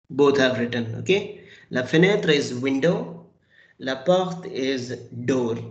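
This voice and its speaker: A man's voice: mid-range voice, creaky, dull audio. A man teaching a French class, patiently repeating and spelling out words. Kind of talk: online language class. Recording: roomy echo.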